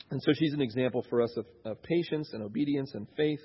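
A man's voice: medium pitch, quick pace, husky, highs cut off. A man in his thirties, a pastor giving a conversational sermon, thinking aloud with frequent restarts.

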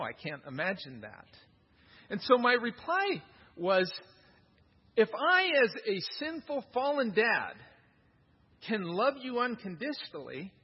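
Animated, husky-voiced man preaching. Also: sits high. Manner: animated, emphatic preaching with repeated words. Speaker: pastor. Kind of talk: sermon. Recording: dull, reverberant hall recording.

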